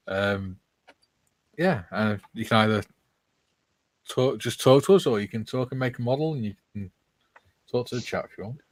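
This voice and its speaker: A man's voice: medium pitch, normal speed, pauses often, no echo. A man hosting a casual live-stream chat, reading viewer comments aloud with chuckles. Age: older. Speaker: host.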